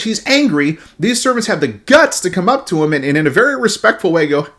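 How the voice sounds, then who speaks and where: Lively, higher-voiced man teaching the Bible. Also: fast talker, few pauses. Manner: animated, acts out quotes, repeats words when starting a thought. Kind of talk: devotional Bible talk.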